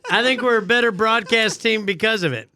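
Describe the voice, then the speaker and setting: A man's voice: high-pitched, brisk, pushed and bright. A man co-hosting a podcast in a boisterous, casual chat, laughing often. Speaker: podcast co-host.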